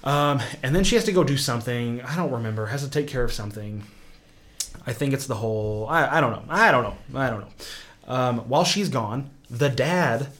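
A man's voice: medium pitch, animated, fairly quick. Rambling man recapping a show. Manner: rambling, filler-heavy, drops quiet when quoting characters.

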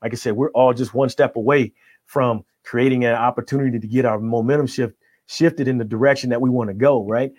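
A middle-aged man and life coach, talking in an energetic motivational style and tagging his points with "right?". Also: medium pitch, brisk, no room sound. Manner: energetic, tags nearly every point with "right?". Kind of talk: motivational conversation.

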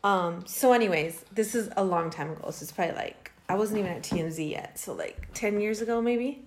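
A woman in her thirties co-hosting a casual podcast, talking at an even middle pitch. She tells her stories in a chatty way and often laughs mid-sentence. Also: fairly quick, background noise. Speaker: podcast co-host. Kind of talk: casual chat, storytelling.

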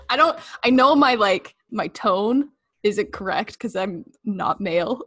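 A woman's voice: medium pitch, lively intonation, unhurried, bright, forceful tone, slightly rough, no echo. Giggly young woman, dry sound. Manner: giggly, gushing. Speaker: impression game player. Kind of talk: casual chat.

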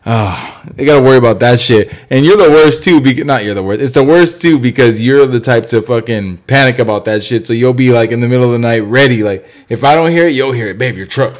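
A man's voice: mid-range voice, fast talker, hardly any pauses. A man hosting a podcast at home at night, chatting loosely, swearing heavily and laughing often. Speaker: podcast host. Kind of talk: casual chat.

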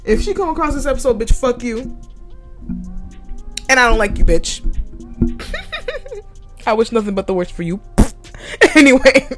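Podcast host, young woman, casual profane storytelling rant, mid-range voice. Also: mid-range voice. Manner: profane, heated and blunt, with laughs.

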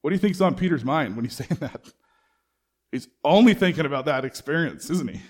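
A man's voice: on the high side, expressive, brisk. A man preaching a sermon in a conversational way, asking the congregation rhetorical questions and acting out bits of dialogue. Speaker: pastor.

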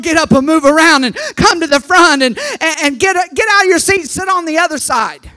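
An older woman preacher delivers a sermon in a high, bright, ringing voice. She swings between fervent shouted exhortation and quiet, confiding asides. Her words often stumble and repeat as she presses each point. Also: a little fast. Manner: drops to soft, confiding asides.

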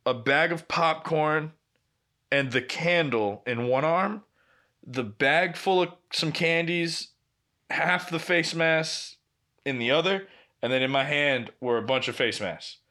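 A man's voice: on the high side, takes it slowly, bright, forceful tone. A man co-hosting a podcast, telling a long casual anecdote full of quoted dialogue, swearing, and laughing as he goes. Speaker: podcast co-host. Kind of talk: casual storytelling chat.

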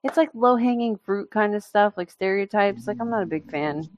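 A woman's voice: medium pitch, brisk, a crowd in the background. A woman from Brazil co-hosting a podcast, reading listener entries with sarcastic, profane casual chat. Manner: sarcastic, mocking, swears casually. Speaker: podcast co-host.

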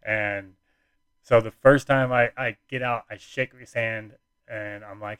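A man's voice: mid-range voice, measured pace, fairly bright tone, smooth, no room sound. A young man casually telling a personal story, rambling with lots of fillers and restarts.

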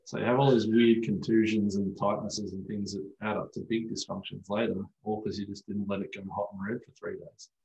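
A man's voice: on the low side, little pitch movement, a little fast, gravelly, few pauses, darkish tone, reverberant, dull audio. A man speaking as an osteopath guest in casual podcast chat, telling stories animatedly and swearing freely.

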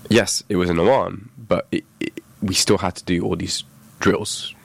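Low-voiced male podcast host, casual and rambling, stops and restarts his sentences. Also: steady tone, normal speed, gravelly, breathy edge. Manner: chatty, self-interrupting, jokey. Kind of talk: casual chat and news segment. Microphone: throat-worn mic.

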